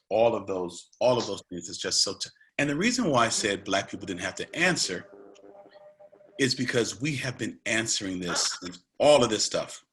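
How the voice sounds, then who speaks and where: A man's voice: on the low side, a bit bright, slight background noise. A man giving an earnest, conversational online presentation, talking directly to a large audience and emphasizing key points.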